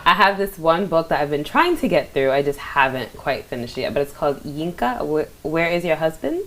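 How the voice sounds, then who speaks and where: Woman, thirties, from Massachusetts, podcast guest, lowish voice, chatty, laughs often. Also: very animated, fairly quick, fairly bright tone. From Massachusetts, USA. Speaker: podcast guest, company founder. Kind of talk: casual podcast interview.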